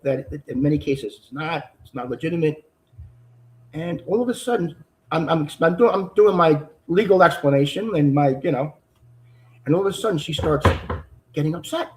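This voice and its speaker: A man, a judge, speaking as an interview guest in an earnest, halting way, with many fillers and restarts that build in intensity. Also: on the high side, a little mellow, rough recording. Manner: earnest, halting with fillers and repeats, rising intensity when quoting. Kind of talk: conversational interview.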